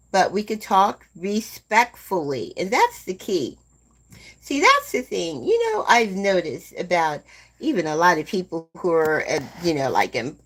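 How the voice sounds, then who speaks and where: A woman in her seventies hosting a live stream, chatting slowly and gently with viewers and calling them "my dear love.". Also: lowish voice. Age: 70s. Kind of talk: casual chat with live viewers.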